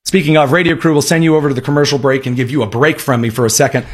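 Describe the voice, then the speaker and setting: A man's voice: medium pitch, fairly even intonation, very fast, husky. A man hosting a political talk radio show, giving sarcastic, emphatic commentary, his voice a bit worn tonight.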